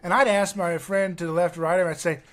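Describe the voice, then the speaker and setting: A man, a guest on a podcast, talking in an animated, self-mocking casual chat. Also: sits high, fast talker.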